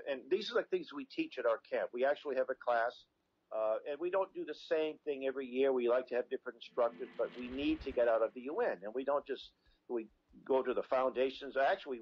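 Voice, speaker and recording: A man's voice: medium pitch, darkish tone, slightly rough, poor audio. A man as a radio guest, earnestly explaining with frequent restarts and fillers. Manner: earnest, rambling with many restarts. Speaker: guest, constitution educator. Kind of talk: radio interview.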